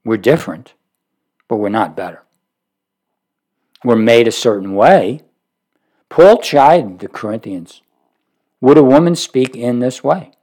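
A man delivering a sermon in a mid-pitched voice. He presses his points with sudden forceful rises, then drops to quiet, low asides. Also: lively intonation, measured pace, pauses often. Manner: emphatic, rising to forceful peaks then dropping low. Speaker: preacher.

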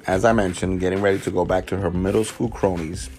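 A father from the South Bronx, New York, hosts a casual podcast in a deep, steady, slightly mellow voice, talking fast. With a mouthful of potato, he jokes, mocks himself, and rambles.

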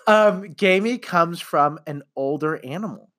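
A middle-aged man chatting casually on a podcast, animated and quick to laugh, with some swearing. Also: fairly high pitch. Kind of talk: casual chat.

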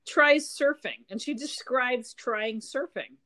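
A woman's voice: a little high, animated, slow pace, fairly bright tone. Chatty woman retelling a plot. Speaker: podcast co-host. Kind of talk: casual book chat.

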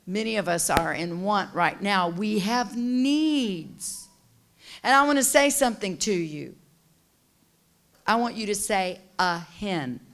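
A woman preacher delivering a sermon, teaching and building to passionate shouting with call-and-response. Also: mid-range voice.

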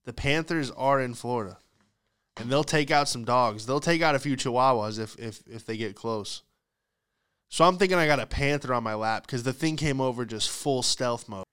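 A man in the middle of a comic rant, exasperated and profane, with his voice rising as he gets worked up. His tone is smooth and clear at an average pitch, and he hosts a podcast. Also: moderate pace. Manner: profane, exasperated, animated ranting. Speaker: podcast host. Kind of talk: comedic storytelling monologue.

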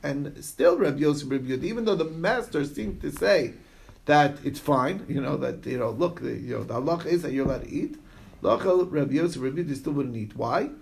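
A man's voice: fairly high pitch, expressive, brisk, creaky. A man teaching a Talmud class in a casual lecture style, reading passages aloud and explaining them in chatty asides, often checking in with his listeners. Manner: storytelling with frequent "okay?" check-ins.

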